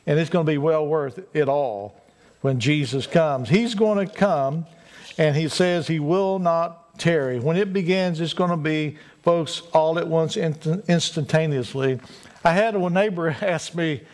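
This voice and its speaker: Male pastor, slightly high voice, folksy sermon delivery with drawn-out emphasis. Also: a little mellow. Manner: folksy preaching, drawn-out emphasis on key words.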